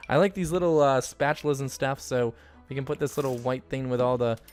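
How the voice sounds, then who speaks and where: A man giving casual, chatty commentary while playing a life-simulation game, getting excited and jumping up in pitch when something good happens. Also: fairly quick, faint music behind. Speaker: gaming YouTuber. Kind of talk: casual let's-play commentary.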